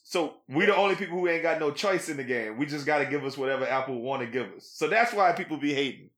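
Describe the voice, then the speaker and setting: A man hosting a podcast, chatting casually in an animated, slangy way with lots of laughter. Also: fairly high pitch, fast talker. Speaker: podcast host. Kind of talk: casual chat.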